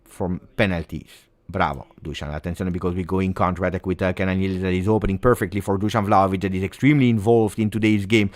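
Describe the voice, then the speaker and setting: A man hosting a live football watch-along, talking through the match and going from low muttering to excited shouting. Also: quick pace, few pauses. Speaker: host.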